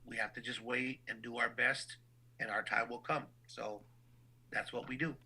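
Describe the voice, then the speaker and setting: Man, boxing ring announcer, very bright tone, animated casual talk, repeats starting words. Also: medium pitch, moderate pace, husky, low-quality recording. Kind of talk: casual interview storytelling.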